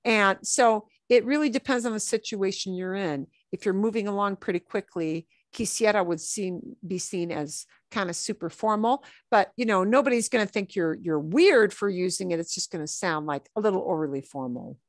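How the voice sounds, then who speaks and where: A middle-aged woman teaching Spanish on a video call, chatty and easygoing. She slips Spanish phrases into her English and repeats them slowly. The sound is dry and close, with no room echo. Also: medium pitch. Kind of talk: online class lesson.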